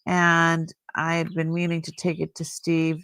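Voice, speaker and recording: A woman's voice: low voice, monotone, a little slow, a bit bright, a little hiss or hum. A middle-aged woman hosting a live jewelry sale, chatting casually and admiring each piece as she rambles. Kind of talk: casual live-stream selling chat.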